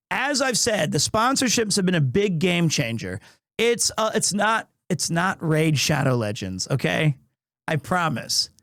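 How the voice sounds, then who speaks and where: Male streamer, high voice, dry close sound, lively storyteller who mixes in Japanese phrases. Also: no echo. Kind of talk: casual live-stream chat.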